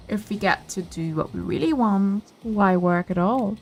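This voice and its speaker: A woman VTuber streamer giving excitable, playful commentary while playing a dating game. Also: mid-range voice, unhurried, hardly any pauses, faint music behind. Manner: excitable, playful, gasps and laughs. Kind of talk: casual gaming commentary.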